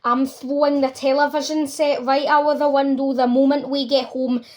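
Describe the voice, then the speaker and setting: A woman reading a blustering, shouting father. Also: high-pitched, level tone, normal speed, lightly acted. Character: blustering angry father, gruff.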